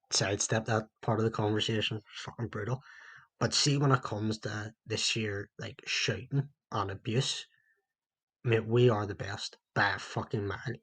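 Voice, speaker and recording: A man's voice: on the low side, breathy edge. A man with a Northern Irish accent co-hosting a casual podcast chat with mates, telling sweary, banter-heavy stories. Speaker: podcast co-host.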